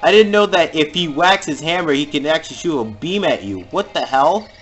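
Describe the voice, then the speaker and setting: A man giving jokey let's-play commentary over a video game and reacting with sudden loud exclamations. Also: fairly high pitch, lively intonation, brisk, soft background music. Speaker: gamer playing through a video game.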